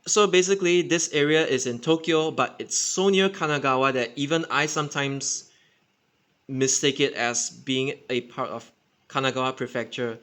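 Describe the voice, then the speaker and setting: A Singaporean man talks off the cuff in a bright, forward voice. He rambles and restarts and keeps correcting himself. His pitch sits in a middle range. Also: normal speed. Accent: Singaporean English. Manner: rambling, filler-heavy, self-correcting. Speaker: transit enthusiast channel host. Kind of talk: unscripted casual explainer.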